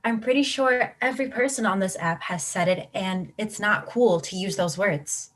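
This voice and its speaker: A woman's voice: mid-range voice, moderate pace, a bit bright, close to an everyday voice. Woman playing a sarcastic online commenter. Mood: probing. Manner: cutting, sarcastic, blunt. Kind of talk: student theatre acting.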